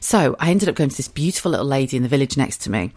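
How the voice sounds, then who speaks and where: A woman's voice: a bass voice, animated, rapid-fire, a little mellow, slightly rough. A woman, hosting a podcast in a candid, chatty way, swearing freely and acting out quotes. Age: 40s. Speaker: podcast host. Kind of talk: casual chat.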